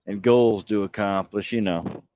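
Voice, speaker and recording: A man livestreaming, ranting theatrically with heavy swearing and mockery, jumping from mutters to shouts. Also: lowish voice, fairly even intonation, moderate pace, dry recording, highs cut off. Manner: theatrical, swings from mumbling to shouting. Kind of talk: profane livestream rant.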